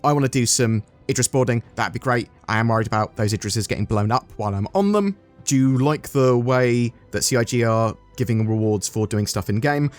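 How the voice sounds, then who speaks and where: An English man hosting a gaming news channel, talking casually and often saying "sort of". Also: mid-range voice. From England. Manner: chatty, often says "sort of".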